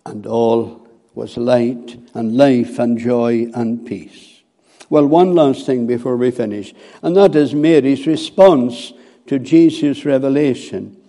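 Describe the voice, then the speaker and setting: A man preaching a sermon, slow and deliberate, with hesitant fillers between phrases. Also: mid-range voice, mellow.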